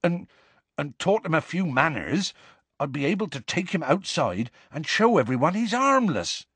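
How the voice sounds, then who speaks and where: A man voicing a huge, gentle half-giant who talks earnestly and desperately with rustic grammar, in an audiobook. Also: on the high side, big pitch swings, normal speed, slightly rough, dry recording, voice pushed up, full character voice. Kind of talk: audiobook character voice.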